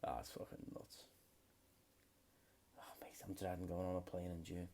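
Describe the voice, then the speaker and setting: A man's voice: low-pitched, monotone, normal speed, vocal fry, mellow, slight background noise. A young British man hosting a solo comedy podcast, rambling freely and swearing a lot. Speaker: podcast host.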